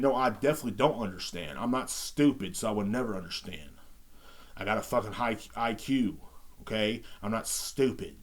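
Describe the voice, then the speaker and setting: A man's voice: on the low side, expressive, moderate pace. A man hosting a casual podcast, ranting in a brash, profane, rambling way. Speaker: podcast host.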